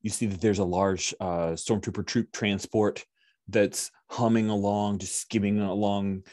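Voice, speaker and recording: A man's voice: fairly low pitch, flat delivery, unhurried, darkish tone, dry recording, studio quality. A man narrating a tabletop game as game master, chatty and enthusiastic.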